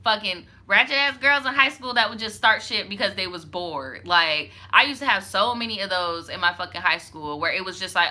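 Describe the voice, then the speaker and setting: Young woman, storytime host, very bright voice, reads viewer story, blunt sassy asides, swears, says "like" a lot. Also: medium pitch, normal speed, few pauses. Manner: frank, profane, sassy asides, heavy use of "like". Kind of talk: reading a viewer's story with commentary.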